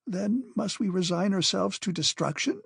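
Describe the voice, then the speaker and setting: A man's voice: high voice, lively intonation, moderate pace, creaky, slightly rough, no echo, clean studio sound, voice pushed up, heavily acted. A man voicing a desperate young nephew in an audiobook, pleading in a raised, strained voice. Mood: dismayed.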